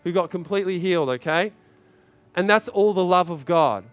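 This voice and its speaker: High-voiced preacher exhorting a congregation. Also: male voice, moderate pace, soft background music. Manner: urgent, repetitive exhortation with rising shouted climaxes. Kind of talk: sermon.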